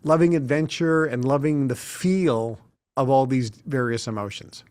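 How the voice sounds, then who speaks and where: A middle-aged man as an interview guest, telling lively anecdotes and acting out the people he quotes. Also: medium pitch, normal speed, clean tone. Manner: animated storyteller who acts out quotes. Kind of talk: casual interview talk.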